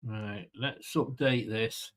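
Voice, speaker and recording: A man's voice: lowish voice, steady tone, takes it slowly. A man hosting a live football watchalong, blunt and sweary, sarcastic and exasperated as he reacts to the match and teases his chat. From England. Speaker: fan channel watchalong host.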